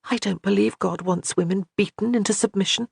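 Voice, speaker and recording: Man putting on a young noblewoman, troubled, earnest, soft questions, higher voice, dry sound. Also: fairly even intonation, a little fast, creaky, husky, no room sound, full character voice.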